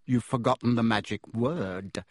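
A man voicing an earnest, put-upon young boy wizard, pleading in a husky voice. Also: mid-range voice, a little slow, no room sound, clean studio sound, lightly acted.

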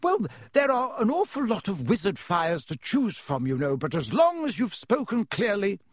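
A man's voice: sits high, huge pitch swings, moderate pace, dry recording, pitched above the performer's own voice, exaggerated voice. A kindly, fretful witch mother fusses over her brood in a raised, anxious voice, as a male audiobook reader puts her on. Every line comes out worried and motherly, recorded dry and close with no room sound. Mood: fussing. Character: fussing, kindly middle-aged witch mother.

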